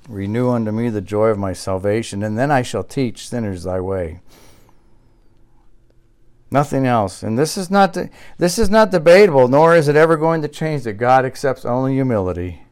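Male pastor preaching, smooth and resonant, builds loud then drops soft, restarts lines. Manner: earnest preaching that swells loud and high, then drops low and quiet; repeats himself and restarts phrases. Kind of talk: sermon.

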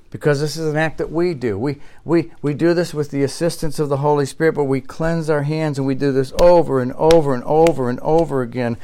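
Male pastor preaching, smooth and resonant, builds loud then drops soft, restarts lines. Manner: earnest preaching that swells loud and high, then drops low and quiet; repeats himself and restarts phrases. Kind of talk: sermon.

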